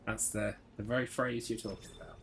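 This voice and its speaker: A man's voice: on the low side, flat delivery, a little fast, vocal fry, a bit bright, husky. A man chatting casually while streaming a horror game, rambling through stories and swearing freely. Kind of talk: casual live gameplay chat.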